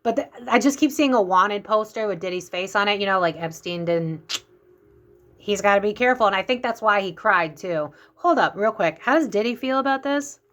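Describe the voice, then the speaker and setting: A woman's voice: mid-range voice, expressive, moderate pace, a bit bright. A woman giving a casual psychic tarot reading, talking in a rambling way full of fillers and restarts. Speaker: psychic reader.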